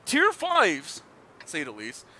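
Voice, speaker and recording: A man live-streams a game, reading viewer comments aloud in a lively, sing-song voice that jumps all over. His tone is high and bright, and he giggles between remarks. Faint game music plays underneath. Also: slow pace, a little hiss or hum. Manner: giggly and chatty, laughs often, calls viewers dude.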